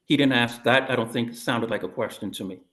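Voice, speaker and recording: A man's voice: mid-range voice, quick pace, fairly bright tone. A man, a police officer, answering deposition questions in a guarded, noncommittal way. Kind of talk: deposition testimony.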